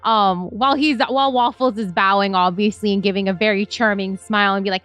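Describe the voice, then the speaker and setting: A woman's voice: medium pitch, steady tone, brisk, hardly any pauses, fairly bright tone, clean tone, faint music behind. A woman playing in a tabletop game, speaking hesitantly as she declares her character's actions. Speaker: player.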